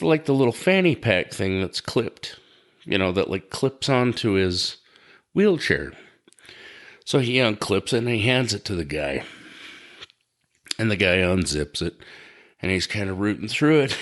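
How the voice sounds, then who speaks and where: Guy rambling on his podcast, swears a lot, keeps cracking up, normal pitch. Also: a bit bright. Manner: profane, laughs often while telling stories. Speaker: podcast host. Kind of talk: casual storytelling.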